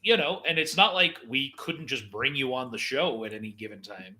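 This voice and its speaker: A man co-hosting a live talk show, speaking casually in a dry, teasing, measured way. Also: mid-range voice, animated, bright, forceful tone. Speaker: podcast co-host. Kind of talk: casual chat.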